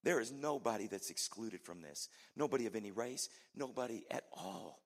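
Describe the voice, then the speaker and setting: A man's voice: mid-range voice, expressive, moderate pace. A middle-aged male pastor preaching a sermon, telling stories in a conversational way and putting asides to the congregation.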